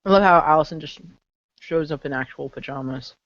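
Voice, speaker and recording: Low-voiced lady hosting a comics hangout on a video call, dry muffled sound. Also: a little fast, no room sound. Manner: chatty, asks probing questions. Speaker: host. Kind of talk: casual chat. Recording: dull lo-fi online call.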